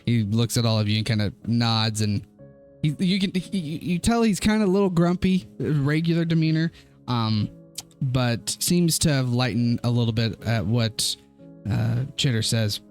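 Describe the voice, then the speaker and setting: A man's voice: mid-range voice, faint music behind. Young man narrating as game master. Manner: relaxed, chuckling, halting with fillers.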